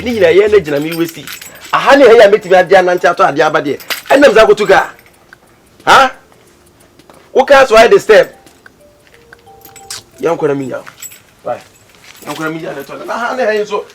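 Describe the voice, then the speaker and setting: A man plays a boastful driver in a comedy skit. He speaks in a high, lively voice. He trades loud, animated banter in Twi and English. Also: fairly quick, long pauses, faint music behind. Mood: excited.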